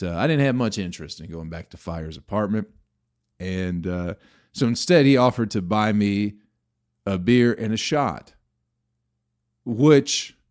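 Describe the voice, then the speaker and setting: A man with a somewhat low voice tells a meandering story on his podcast. He swears freely and keeps turning to his listeners with exasperated asides, in the loose manner of a stand-up comic. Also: darkish tone. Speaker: comedian podcast host. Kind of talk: rambling comedic storytelling.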